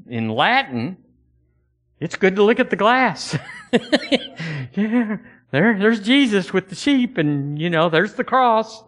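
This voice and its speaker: A man preaching a sermon in a folksy, conversational way, his voice sitting a little high. He repeats words as he works toward a point and slips into old-fashioned scripture phrasing. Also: a bit bright. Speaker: pastor.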